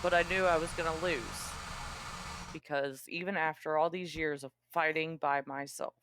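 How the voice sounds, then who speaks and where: A tabletop player voicing Pyre, a guarded female fighter who long fought alone, speaking haltingly with restarts. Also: mid-range voice, fairly even intonation, fairly bright tone, slight background noise, lightly acted. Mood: confessing. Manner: halting, stammering confession. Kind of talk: tabletop role-play.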